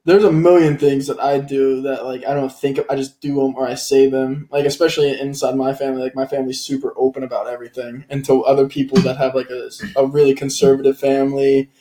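A man's voice: medium pitch, little pitch movement, fast talker, hardly any pauses, warm tone. A young man in casual conversation, telling a laid-back story with plenty of swearing. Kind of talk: casual chat. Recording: echoey room.

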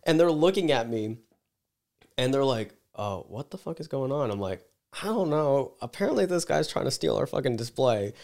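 A man's voice: medium pitch, big pitch swings, moderate pace, creaky, a little mellow. Man in casual chat, rambling, fills his talk with "like", acts out the people in his story.

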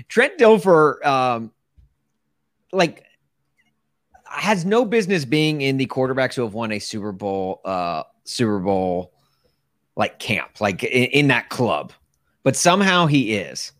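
An excitable man from Tennessee, co-hosting a casual sports podcast, laughing often and talking with lots of "like". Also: mid-range voice, takes it slowly, long pauses, no room sound, clean studio sound. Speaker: podcast co-host.

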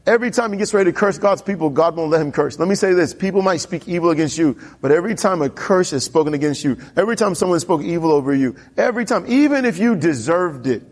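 A man preaching a sermon as pastor, telling a Bible story with animated character voices and questioning the congregation. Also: quick pace, hardly any pauses, breathy edge. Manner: animated storytelling, voicing characters with pitch jumps.

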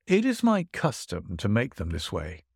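A man's voice: huge pitch swings, normal speed, breathy edge, no echo, studio quality, heavily acted. A man voicing a boastful wealthy host who keeps pressing lavish food and wine on his guest. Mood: pressing, showy. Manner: high, insistent, grandly pressing food on a guest. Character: boastful wealthy male host, teasing and showy. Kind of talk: storytelling voice acting.

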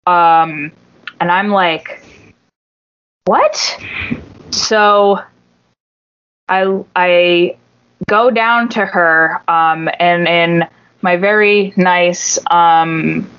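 Lively storytelling woman, low voice. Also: very slow, clear, resonant tone, lo-fi sound. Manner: animated, profane, acts out quoted voices. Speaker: podcast co-host. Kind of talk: casual storytelling.

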